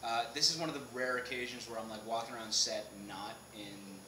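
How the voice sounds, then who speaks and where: A man being interviewed as an actor on a film set, animated, laughing often and restarting sentences. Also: mid-range voice, brisk. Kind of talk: casual interview chat. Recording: echoey noisy room.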